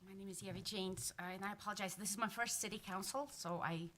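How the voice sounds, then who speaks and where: A woman's voice: mid-range voice, fast talker, noisy background. A woman in her thirties giving public comment at a council meeting, emotional and pleading, often restarting her sentences. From from another place. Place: city council chamber.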